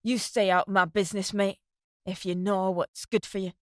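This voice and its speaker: A woman voicing a jealous, furious sergeant husband who shouts coarse insults while short of breath. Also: mid-range voice, flat delivery, moderate pace, dry recording, clean studio sound, close to an everyday voice.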